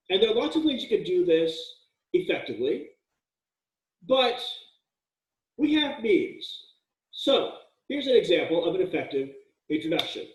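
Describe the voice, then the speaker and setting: A male college writing instructor giving a casual, joking lecture with frequent fillers and restarts, recorded in an echoey room with the mic at a distance. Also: high voice.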